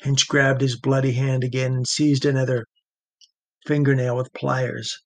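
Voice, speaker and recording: A man giving steady, measured audiobook narration of a thriller. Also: medium pitch, no room sound.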